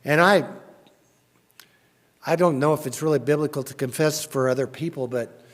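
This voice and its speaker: A man preaching a sermon in a church, chatty and questioning, rising loudly when he reads scripture. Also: on the high side, moderate pace. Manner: conversational, asks the congregation questions. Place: church sanctuary. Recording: long church reverb.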